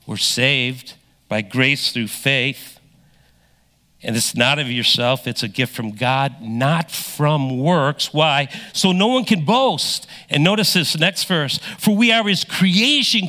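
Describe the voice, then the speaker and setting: A middle-aged man preaching a sermon as pastor, emphatic, swinging between loud stresses and hushed lines. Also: medium pitch.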